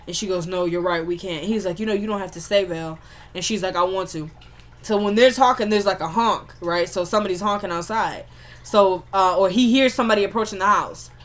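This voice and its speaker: A woman's voice: mid-range voice, brisk, fairly bright tone. A woman casually recapping a TV episode in loose, slangy speech, trading characters' lines back and forth as she retells each scene.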